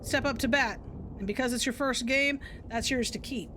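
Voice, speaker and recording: A woman's voice: a little high, normal speed, noisy background, lightly acted. A woman doing a bossy baseball coach. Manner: bossy, blustering. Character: gruff, stuffy male baseball coach.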